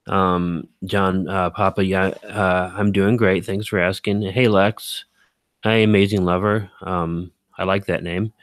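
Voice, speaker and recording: A man's voice: low-pitched, little pitch movement, unhurried, dry recording. A man chatting casually on a live stream, reading out viewer comments, rambling with lots of fillers and self-corrections and poking fun at himself.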